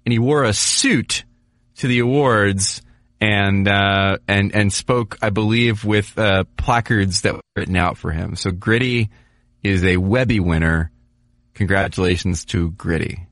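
A man's voice: on the low side, measured pace, fairly bright tone, no room sound. A man from New York hosting a podcast, chatting casually about sports with jokes and stumbling restarts. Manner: joking, repeats words when restarting. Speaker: podcast host.

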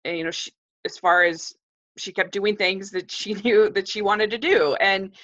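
Brief: woman, bright voice, hesitant and measured, lo-fi recording. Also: medium pitch, fairly even intonation. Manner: hesitant, measured, many restarts. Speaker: film reviewer. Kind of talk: casual film discussion. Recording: dull lo-fi sound.

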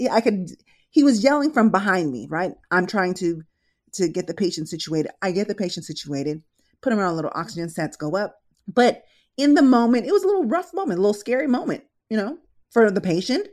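A woman nurse hosting a casual advice podcast, telling animated stories from work and acting out what people said. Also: mid-range voice. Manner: animated storyteller, acts out quotes.

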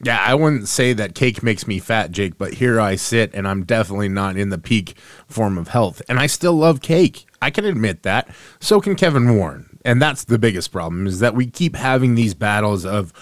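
A man co-hosting a sports podcast over a remote setup, talking casually in a joking, facetious, animated way. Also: lowish voice, moderate pace, dry recording, clean studio sound. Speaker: podcast co-host. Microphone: remote call setup.

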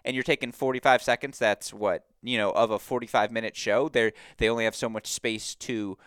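A man hosting a podcast in a casual sports-analysis chat, talking in an animated, emphatic way and laughing easily. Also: lowish voice, a little fast, clean tone, dry recording, clean studio sound. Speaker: podcast host.

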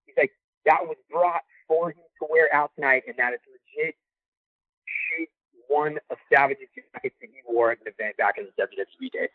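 A man telling a backstage story in a casual, animated way, acting out the things people said to him. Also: on the high side, moderate pace, no echo. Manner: animated, acts out quoted dialogue. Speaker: guest recounting backstage experience. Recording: tinny phone line.

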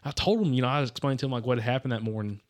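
Casual male co-host, rambling storyteller who keeps saying "dude", mid-pitched voice. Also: steady tone, very fast. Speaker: podcast co-host. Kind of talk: casual hunting chat.

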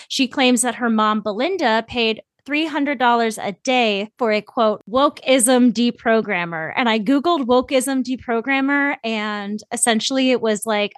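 A woman hosting a podcast in casual chat, chatty and animated, laughing often and swearing casually. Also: fairly high pitch, no room sound. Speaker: podcast host.

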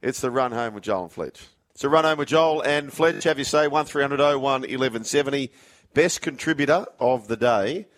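A man's voice: medium pitch, brisk, fairly bright tone. A man with an Australian accent hosting a casual sports radio show, joking with his co-host and reading out listener texts. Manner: jokey, matey, reads out texts.

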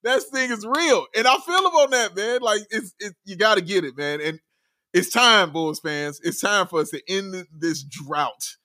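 An excitable man co-hosting a casual sports podcast, his voice high and bright. He laughs often and gets loud when something thrills him. The sound is close and dry. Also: normal speed, dry recording. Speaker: podcast co-host.

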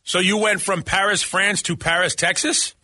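Husky, bright, sarcastic radio co-host. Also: male voice, high-pitched, fairly even intonation, moderate pace. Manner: sarcastic, teasing. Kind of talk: joking radio banter.

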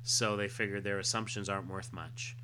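A man's voice: fairly low pitch, fairly even intonation, fairly quick, pushed and bright, a little hiss or hum. A man casually recapping a comic book, rambling with lots of fillers. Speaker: podcast host.

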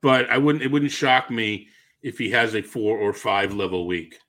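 A man's voice: on the low side, steady tone, moderate pace, fairly bright tone. Hesitant man with a Boston accent. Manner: hesitant, restarts and trails off, laughs easily. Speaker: podcast co-host. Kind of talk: casual fantasy baseball chat.

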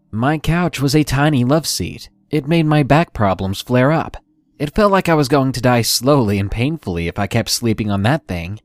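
A man hosting a podcast, reading horror stories aloud in a measured, deliberate storytelling manner. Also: mid-range voice, dry recording, studio quality. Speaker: podcast host and narrator. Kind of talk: scripted horror story narration.

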